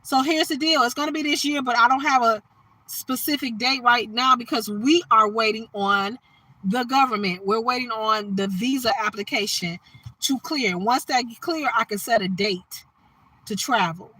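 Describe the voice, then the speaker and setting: Chatty woman with a bright, dry voice. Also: a little high, normal speed, no room sound, rough recording. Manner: animated, chatty, shouts and laughs with viewers. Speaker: livestream host. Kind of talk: casual livestream chat.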